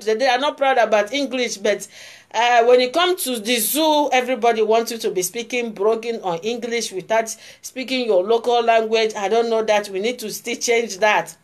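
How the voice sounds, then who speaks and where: Woman, fairly high pitch, earnest, repetitive, casual monologue host. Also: normal speed. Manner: earnest, repetitive, many fillers. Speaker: YouTube channel host.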